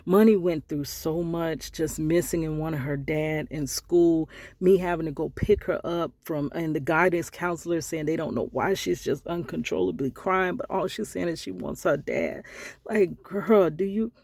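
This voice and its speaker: A middle-aged woman vlogger telling a personal story in a heartfelt, conversational way, sometimes dropping to hushed asides. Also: sits low, normal speed, gravelly, no echo.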